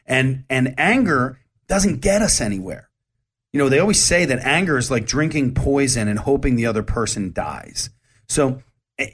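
A man's voice: medium pitch, slightly rough. A man, hosting his own show in a candid, rambling monologue full of restarts. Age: 40s. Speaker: show host. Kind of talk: casual monologue.

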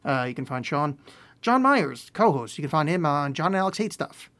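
A man's voice: fairly high pitch, very animated, moderate pace, fairly bright tone. Rambling self-deprecating male podcast host. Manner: rambling, self-deprecating, dry sarcastic asides. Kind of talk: solo podcast monologue. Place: home room with bookshelf.

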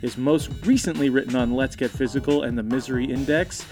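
A man's voice: mid-range voice, fairly quick, faint music behind. A man co-hosting a podcast in casual chat, laughing often and chiming in. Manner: laughs often, lively interjections. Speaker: podcast co-host.

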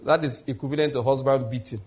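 A man's voice: medium pitch, fairly even intonation, quick pace, darkish tone, a little hiss or hum. A man preaching a conversational sermon as a pastor, full of rhetorical questions.

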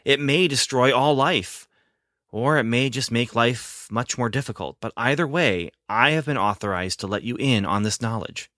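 A man voicing a solemn male Sasquatch elder in a story reading, speaking in slow, deliberate warnings. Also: mid-range voice, a bit bright, dry recording, studio quality, natural voice. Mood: grave.

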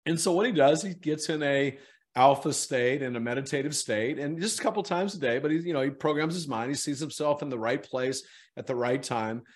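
A middle-aged man, a guest in an interview, telling an animated story and acting out the people in it. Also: mid-range voice, brisk.

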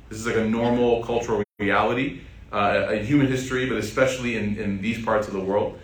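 A man preaching, retelling a scripture story in a lively, conversational way to his audience. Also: fairly low pitch. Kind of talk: sermon storytelling. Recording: echoey room, distant mic.

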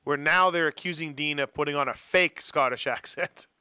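Guy hosting a chatty show, bright voice a bit high, dry close sound, tells stories and pokes fun at the others. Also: moderate pace, smooth, dry recording. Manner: animated storyteller who teases his co-hosts. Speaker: podcast host. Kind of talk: casual chat.

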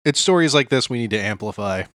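A man's voice: mid-range voice, fast, no room sound, studio quality. A man co-hosting a podcast, chatting casually and agreeably, saying "dude" and "like" a lot. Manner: relaxed, agreeable, says "dude" and "like". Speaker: podcast co-host. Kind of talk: casual chat.

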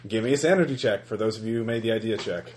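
A man's voice: on the low side, very fast, roomy sound, very noisy. A man narrating a tabletop horror game as game master, talking in a hesitant way with many fillers and restarts.

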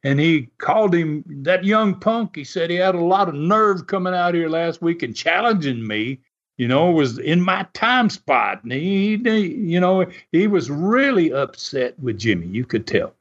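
A man casually telling an animated, folksy story and chuckling often as he goes. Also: on the high side, normal speed. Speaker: storyteller recalling wrestling TV. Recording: dull lo-fi sound.

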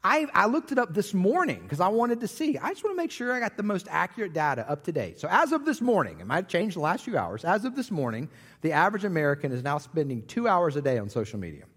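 A man in his thirties preaching a sermon as pastor, with animated storytelling and jokey asides. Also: high-pitched, quick pace, husky, big-room sound.

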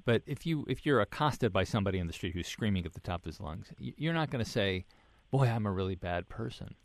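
Deep gravelly guy hosting an interview, dry close sound. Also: lively intonation, no echo. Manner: measured questions, halting restarts. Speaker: interviewer host. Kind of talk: radio interview.

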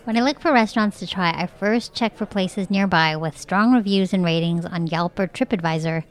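A woman's voice: fairly low pitch, normal speed. A woman co-hosting a casual podcast chat, teasing and playful with her partner. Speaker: podcast co-host.

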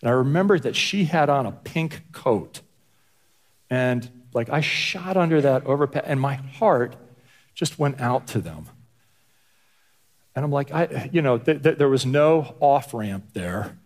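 A man's voice: medium pitch, lively intonation, a little slow. A man preaching a conversational sermon as pastor, often stumbling and repeating words as he talks. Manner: stammering repetitions, conversational.

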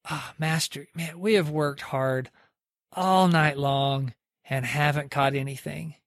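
A man's voice: fairly high pitch, fairly even intonation, slow, no echo, studio quality. A man voicing a weary, reluctant fisherman who talks in a casual, exasperated way. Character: weary grown male fisherman, tired and reluctant.

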